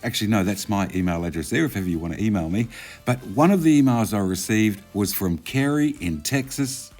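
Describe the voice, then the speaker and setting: A man's voice: fairly low pitch, darkish tone. A man, chatting casually as he narrates a motorcycle review video. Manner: chatty, conversational, self-correcting.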